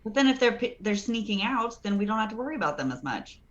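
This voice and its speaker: A woman's voice: on the high side, sing-song, fast, muffled recording, slight background noise. A woman playing a tabletop game, joking and teasing the others. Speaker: player. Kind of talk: casual tabletop play.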